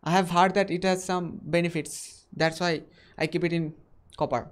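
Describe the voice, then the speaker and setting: A man's voice: fairly high pitch, steady tone, moderate pace. A man from India hosting a casual video chat with strangers, asking question after question with frequent restarts, heard over a video call. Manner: curious, asks many questions, frequent restarts. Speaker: host.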